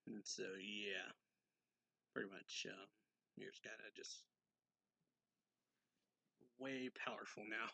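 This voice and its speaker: A man recaps a manga chapter in a loose, rambling way, full of "like" and "kinda". His voice sits fairly low but sounds bright and forceful. The recording is dry and close, with no room sound. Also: takes it slowly, gravelly, long pauses, no room sound. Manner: rambling, filler-heavy, loose and offhand.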